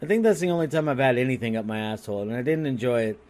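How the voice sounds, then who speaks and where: A man telling a story on a podcast in a crude, rambling and animated way, restarting his sentences often. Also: medium pitch, racing. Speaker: podcast co-host. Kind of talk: casual comedic storytelling.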